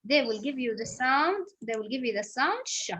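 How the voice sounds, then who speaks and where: A woman's voice: sits high, sing-song, normal speed, fairly bright tone, slight background noise, low-quality recording. Patient woman teaching English sounds. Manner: patient, repetitive explaining with examples. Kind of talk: phonics lesson.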